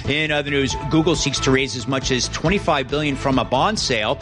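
A man reads a scripted market bulletin from the news desk at a middle pitch. His delivery is brisk and even. A clear music bed plays behind him.

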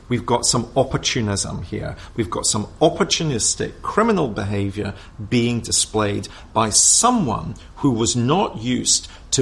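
A man speaking as an expert in a documentary interview, measured and analytical, thinking his points through aloud. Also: medium pitch, creaky, a bit bright.

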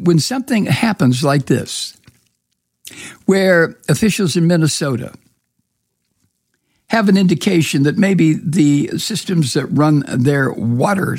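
A man giving opinionated news commentary, angry and sarcastic, swearing often and pausing on many fillers. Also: on the high side, vocal fry, darkish tone, breathy edge, no room sound, clean studio sound. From Georgia. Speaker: political commentator.

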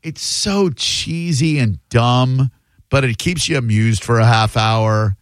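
A man's voice: mid-range voice, takes it slowly, no echo. A man hosting a radio show with casual banter, sarcastic and teasing. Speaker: radio host.

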